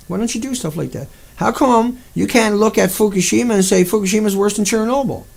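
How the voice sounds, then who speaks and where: A man's voice: high voice, vocal fry, darkish tone. A man delivering an angry, profane rant to his viewers, hurling insults. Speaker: video blogger.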